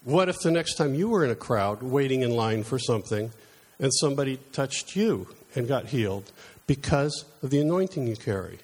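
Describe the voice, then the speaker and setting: A man's voice: medium pitch, animated, normal speed, few pauses, darkish tone, husky. A middle-aged man preaching a conversational sermon, telling personal stories in a chatty, self-deprecating way.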